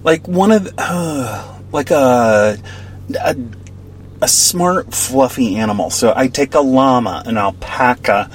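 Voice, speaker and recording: A man's voice: medium pitch, slow, slight background noise. A man co-hosting a podcast in casual chat, playful and jokey. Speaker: podcast co-host.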